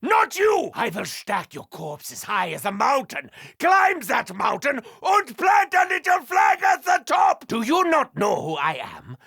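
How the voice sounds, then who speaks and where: A manic German mad scientist. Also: male voice, very animated, measured pace, no room sound, clean studio sound, full character voice. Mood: furious. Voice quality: gravelly, wildly swooping pitch. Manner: shouted battle taunts and erratic muttering. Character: unhinged male German scientist, manic and theatrical. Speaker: game character voice lines.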